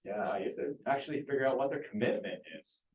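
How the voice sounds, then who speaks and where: A man's voice: mid-range voice, quick pace, narrow, tinny audio. A man leading a real estate training class, quizzing students and coaxing answers. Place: training room.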